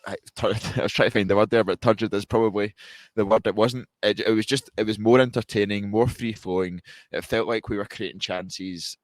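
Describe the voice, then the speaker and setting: A man co-hosting a podcast, giving a measured, analytical post-match football reaction with frequent restarts. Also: on the low side, fairly even intonation, dry recording. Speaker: podcast co-host.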